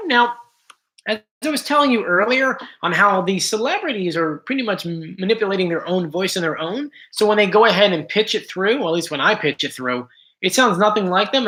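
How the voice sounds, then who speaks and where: Bright chatty man talking on a livestream. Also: sits high. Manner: chatty, restarts often, apologetic asides. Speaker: host. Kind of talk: casual livestream commentary.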